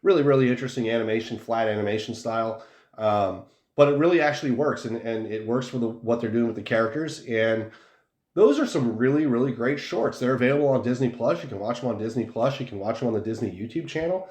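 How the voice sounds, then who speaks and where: Brief: mid-pitched male podcast host, rambling and loose, roomy echo. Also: animated, quick pace, a little mellow. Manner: rambling, many fillers. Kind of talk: casual chat.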